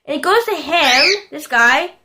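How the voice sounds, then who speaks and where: A young woman giving casual commentary over a football video game, shouting and squealing at plays and chatting to her pet bird. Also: high-pitched, expressive, unhurried. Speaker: gaming video host.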